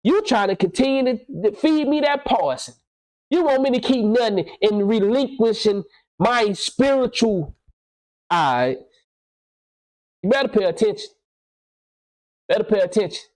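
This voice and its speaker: A man's voice: high-pitched, expressive, normal speed, a little mellow, low-quality recording. Blunt, preachy man in his thirties. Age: 30s. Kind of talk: casual podcast conversation.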